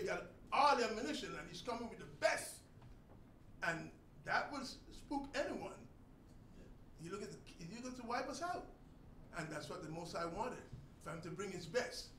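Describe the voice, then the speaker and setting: A man delivers a sermon with a high, bright voice, pressing points hard and then dropping low. He sounds far from the mic in a roomy, echoing space. Faint background noise hangs under him. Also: expressive, moderate pace. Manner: emphatic, swings between loud and soft. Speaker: congregation teacher. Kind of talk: sermon teaching. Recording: echoey room, distant mic, faint noise.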